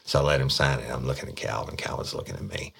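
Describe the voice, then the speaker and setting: A police detective telling a story in a casual, blunt, profane way, often repeating words. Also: male voice, extremely low pitch, fairly even intonation, quick pace, gravelly, fairly bright tone, husky.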